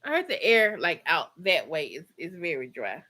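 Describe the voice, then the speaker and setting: A woman's voice: fairly low pitch, huge pitch swings, normal speed, pushed and bright. A middle-aged woman with a Georgia Southern accent, hosting a casual livestream and chatting with her viewers at home. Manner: chatty, laughs often, Southern slang. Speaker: livestream host. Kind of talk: casual chat reading live comments.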